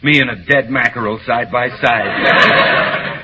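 A man's voice: mid-range voice, takes it slowly. A man in a 1940s radio comedy, brash, boastful and hammy. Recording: hissy old radio broadcast.

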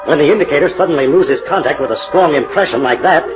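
Calm investigator, man acting, explanatory, old radio, music under. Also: on the high side, fast, lo-fi sound, lightly acted.

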